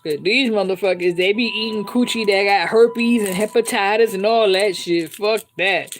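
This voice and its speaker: A woman's voice: mid-range voice, normal speed. A woman hosting a live stream, talking bluntly and with heavy swearing, laughing often and reading out viewer comments. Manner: blunt, profane, laughs often, keeps checking in with listeners. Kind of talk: candid unscripted live-stream chat.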